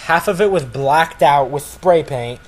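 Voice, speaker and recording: A man's voice: a little high, measured pace, poor audio. A man casually telling a story to friends, rambling with lots of "like" and restarts.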